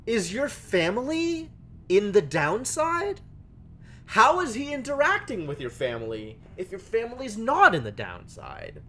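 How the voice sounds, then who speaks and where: A woman streamer giving chatty, excitable, self-mocking commentary on a game. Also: mid-range voice, measured pace, slight background noise. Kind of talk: let's play commentary. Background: game music.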